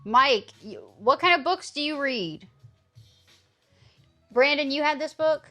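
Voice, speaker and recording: A woman's voice: sits high, lively intonation, takes it slowly, bright, forceful tone, soft background music. A woman in her thirties streaming live, chatting casually and teasing her chat, swearing freely.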